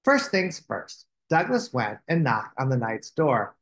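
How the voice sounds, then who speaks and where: Male storybook reader, unhurried, sing-song, for kids' read-alouds. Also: medium pitch. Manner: slow, expressive storytelling. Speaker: children's book reader.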